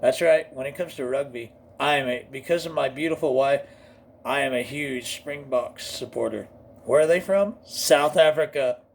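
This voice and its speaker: A man's voice: medium pitch, moderate pace, gravelly, slight background noise. A man from Oklahoma with an Oklahoma accent, hosting a comedic vlog in a rambling, jokey way that keeps slipping into put-on voices. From Oklahoma, USA. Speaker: host.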